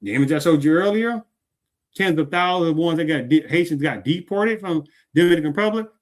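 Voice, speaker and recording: A man's voice: a little high, expressive, a little fast. A man hosting a show, giving heated commentary and repeatedly asking if the listener understands. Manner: emphatic, keeps asking "Do you understand?". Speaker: show host.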